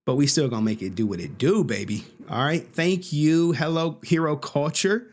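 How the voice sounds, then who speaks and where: A man's voice: on the high side, moderate pace. A man hosting a casual livestream, laughing often, joking and swearing as he talks. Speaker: streamer host.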